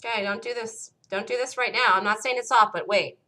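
A woman hosting a live day-trading room, calling out entries and stops in an urgent, rapid-fire way, her voice worn and close to giving out. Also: fairly high pitch, pushed and bright. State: losing her voice. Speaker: day-trading show host.

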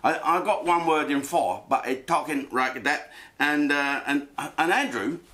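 A man's voice: fairly high pitch, measured pace, bright, forceful tone. A man hosting a comedic rant from his home den, crude and rambling, swearing freely. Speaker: host.

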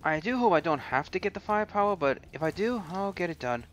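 Casting: let's-play host, lively swoops in pitch, light game music behind. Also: male voice, quick pace. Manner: chatty, talks to game characters, mild swearing. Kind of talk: casual gameplay commentary.

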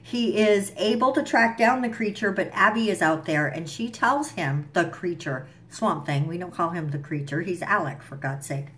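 A woman's voice: fairly low pitch, normal speed, hardly any pauses, fairly bright tone, slight background noise. A young woman vlogging a casual, profane recap of a TV episode, with fillers and asides. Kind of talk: casual chat.

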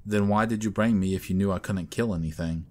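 A man with a low voice voicing a timid, gentle younger brother who speaks hesitantly and apologetically. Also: a little fast, natural voice. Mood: earnest.

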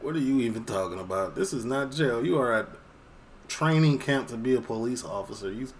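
A man with a Chicago accent talks loosely over a show he is watching. He jokes, teases and mocks, and his pitch jumps around a lot. There is a light hiss under his voice. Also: expressive, fairly quick. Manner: loud joking banter, mocking. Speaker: reaction channel host. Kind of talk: casual reaction commentary.

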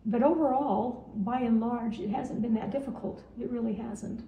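A woman's voice: on the high side, moderate pace, warm tone, echoey room, low-quality recording. A woman in her seventies from Utah, giving a heartfelt farewell message to her grandson, earnest and often repeating her phrases. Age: 70s.

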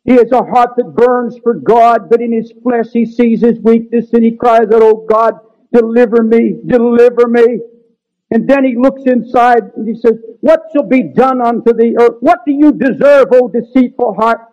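A man's voice: extremely high pitch, normal speed, few pauses. A man preaching a sermon in an earnest, pleading manner that builds to raised, urgent emphasis. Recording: dull lo-fi sermon recording.

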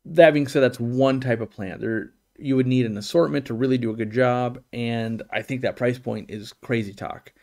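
Barely pausing, a middle-aged man speaks at normal speed in a mid-range, slightly mellow voice while answering viewer questions live. His casual Q&A stream is blunt, opinionated and rambling, with many restarts.

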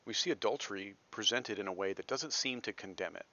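A man's voice: fairly low pitch, a little fast, sharp tone, highs cut off, slight background noise. A man from Texas giving a recorded literature lecture, conversational, with self-deprecating asides and frequent checks of "right?".

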